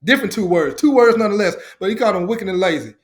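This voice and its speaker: A middle-aged man, a podcast guest and ministry founder, giving an excited testimony and acting out the voices in the stories he tells. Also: sits high, racing. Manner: animated storyteller, acts out quotes. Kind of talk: enthusiastic testimony.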